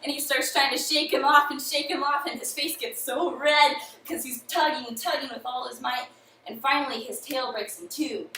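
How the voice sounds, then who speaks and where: A young woman retelling a folk tale in a chatty, lively way, in an echoey room with the mic far off. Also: sits high, normal speed, slight background noise. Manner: lively, chatty, uses "he's like". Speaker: student storyteller. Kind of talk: casual oral storytelling.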